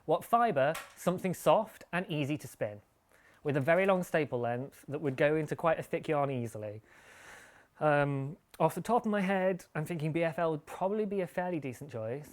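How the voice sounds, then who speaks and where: A man's voice: on the high side, animated, normal speed. Playful man hosting a live chat. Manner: rambling and playful, laughs often. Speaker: podcast host. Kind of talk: casual live-stream chat.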